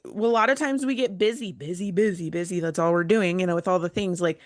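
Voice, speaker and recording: Mom on a podcast, lowish voice, dry close sound, tells family stories and does the voices. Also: female voice, fast, no room sound. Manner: animated storyteller, acts out family talk. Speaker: podcast guest. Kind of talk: casual chat.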